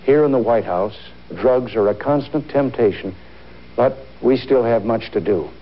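A man in a comic spliced recording playing a president who reads a twisted anti-drug speech in a measured, folksy delivery. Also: mid-range voice, slight background noise, natural voice. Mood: deadpan. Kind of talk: spliced comedy audio collage. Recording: dull lo-fi archival audio.

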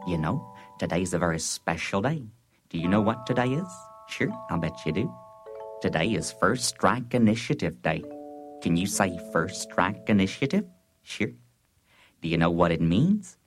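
A man's voice: sits low, big pitch swings, normal speed, music in the background. A man playing a president as a children's-show host, talking down as to children in a sing-song way. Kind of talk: comedy sketch record.

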